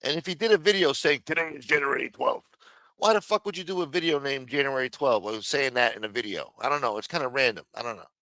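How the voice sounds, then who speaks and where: Profane ranting man, bright voice. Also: mid-range voice, fast, few pauses, no room sound. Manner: heated, swears constantly, mocks others in raised voices. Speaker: livestream commentator. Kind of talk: casual profane rant.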